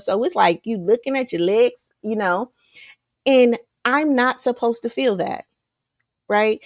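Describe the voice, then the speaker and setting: A woman coaching a group in a lively motivational talk, full of rhetorical questions and repeated calls to "you guys.". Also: mid-range voice, gravelly, no echo. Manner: energetic, repetitive, rhetorical questions, keeps saying "you guys".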